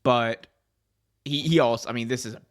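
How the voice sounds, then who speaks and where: Animated man chatting about wrestling. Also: mid-range voice, a little fast. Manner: animated, jokey, puts on mock accents. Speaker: podcast co-host. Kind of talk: casual wrestling preview chat.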